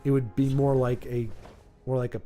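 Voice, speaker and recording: A man's voice: medium pitch, little pitch movement, moderate pace, warm tone, faint music behind. A man hosting a livestream, chatting casually and rambling, often stopping mid-word and reading chat aloud. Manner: rambling, self-interrupting, reads chat aloud. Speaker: streamer host.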